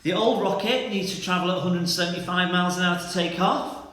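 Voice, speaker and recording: A man, a primary school teacher, leading an online school assembly for children in an animated, playful way. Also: high-pitched, quick pace, heavy reverb.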